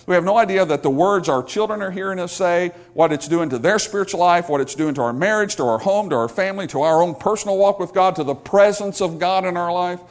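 A man's voice: high voice, fast, hardly any pauses. A male pastor preaching a sermon, emphatic and repetitive, calling out for amens from the congregation.

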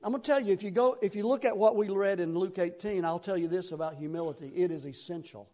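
A middle-aged man from Tennessee with a Southern accent, preaching a sermon in a folksy, rambling way with sudden loud bursts. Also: high voice, quick pace. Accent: Southern American. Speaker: pastor.

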